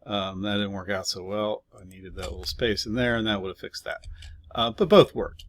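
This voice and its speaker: Typing along in a casual screen-recorded programming lesson, a man explains each step with fillers and passing asides. His voice is fairly low and his pace normal.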